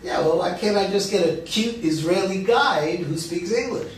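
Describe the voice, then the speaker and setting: A man's voice: sits high, normal speed, slight background noise, lightly acted. A man reading the role of a chatty, joking older man in a virtual play reading, over an echoey, distant video call. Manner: jokey, chatty, laughs at his own lines.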